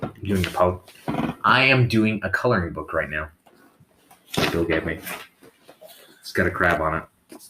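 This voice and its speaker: Deep-voiced man, dry sarcastic. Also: unhurried, long pauses, noisy background. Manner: relaxed, dry sarcastic humor. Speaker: podcast co-host. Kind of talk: casual chat. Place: living room couch.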